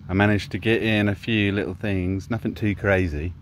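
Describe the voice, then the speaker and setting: Deep-voiced Englishman vlogging outdoors. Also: steady tone, normal speed, background noise. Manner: chatty, laid-back commentary while walking outdoors. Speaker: vlogger filming drone flights. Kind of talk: casual self-narrated vlog. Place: outdoors by a river at sunset. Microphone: camera mic, exposed to wind.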